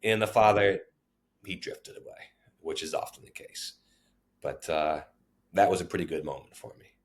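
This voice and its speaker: Deep-voiced man telling a story. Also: moderate pace. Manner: animated, acts out quoted voices. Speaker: former child welfare social worker. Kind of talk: storytelling interview.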